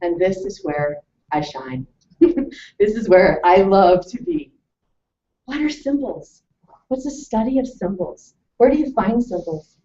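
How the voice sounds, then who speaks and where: A woman presenting a lively talk to a live audience, telling stories and asking questions. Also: mid-range voice, measured pace, long pauses. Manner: animated storytelling, asks the audience questions. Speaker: webinar presenter. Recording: distant mic, muffled lo-fi sound.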